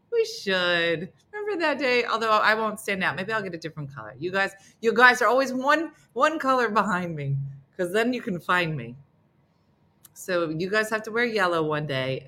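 A woman's voice: medium pitch, pushed and bright. A woman hosting a casual comedic morning show, playful and teasing, often laughing as she talks.

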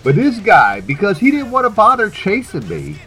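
Soft music sits in the background as a man with a high voice co-hosts a relaxed podcast at normal speed. He's a lively storyteller, cursing freely and breaking into laughter often during the chat.

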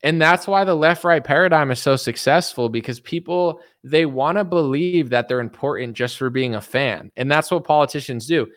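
A man's voice: on the high side, moderate pace, hardly any pauses, a bit bright, dry recording, clean studio sound. A man streaming commentary, ranting scornfully at his audience and mocking them with put-on voices. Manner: scornful, mocking, puts on voices to ridicule viewers.

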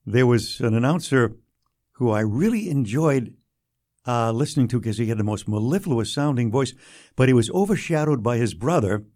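An older man, a radio broadcaster recalling his early career in an unhurried, anecdotal interview manner. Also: medium pitch, expressive. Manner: warm anecdotal storytelling, drops quietly for quoted lines. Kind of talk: storytelling interview.

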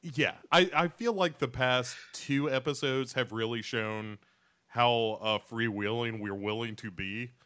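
Slow-talking man cracking jokes on a podcast. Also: mid-range voice, sharp tone, no echo, studio quality. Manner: joking, rambling recaps with fillers. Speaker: podcast co-host. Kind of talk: casual chat.

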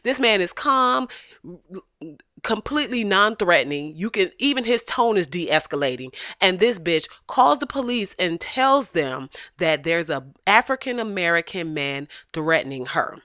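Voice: medium pitch, animated, measured pace, sharp tone, no echo, clean studio sound. A vlogger ranting in blunt, profane commentary, speaking emphatically and swearing freely.

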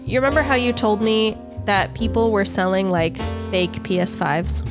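A woman's voice: mid-range voice, normal speed, music in the background. A woman co-hosting a podcast, chatting casually and teasing with crude jokes and frequent giggles. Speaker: podcast co-host. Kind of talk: casual comedic chat.

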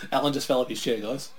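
A man co-hosting a casual wrestling watch-along, talking through predictions in a chatty way and laughing often. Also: medium pitch. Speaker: co-host. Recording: faint background noise, lawnmower outside.

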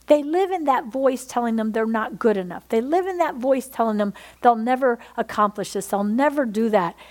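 A woman's voice: fairly high pitch, expressive, normal speed, darkish tone. A woman pastor preaching a sermon with fervor, often calling out to the congregation for an amen. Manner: fervent, repeatedly asks the congregation "Amen?".

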